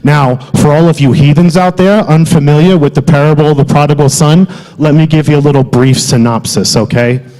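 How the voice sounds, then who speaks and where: A man playing a loud, wisecracking South Philly alter ego with a thick Philadelphia accent, delivering a comic sermon. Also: fairly high pitch, steady tone, brisk, lightly acted. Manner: exaggerated, wisecracking, loud street-corner banter. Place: theatre stage. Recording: long hall reverb.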